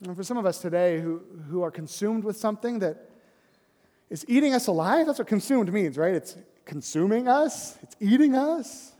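High-voiced male pastor in a reverberant hall. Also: animated, moderate pace. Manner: conversational, often asks "right?", drops to soft low tones for emphasis. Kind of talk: sermon.

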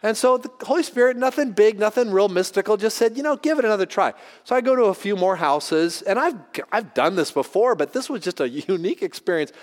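A man preaching with a high, bright voice, telling a story from the pulpit. He acts out the people in it with animated voices. His words ring out with a long hall reverb. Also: a little fast, few pauses. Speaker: pastor. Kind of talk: storytelling sermon.

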